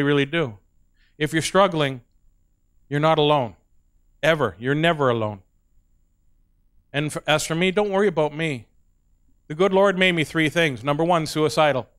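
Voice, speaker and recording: A man with a fairly high, smooth voice works through a stand-up comedy set. He is an animated storyteller who keeps chuckling at his own jokes.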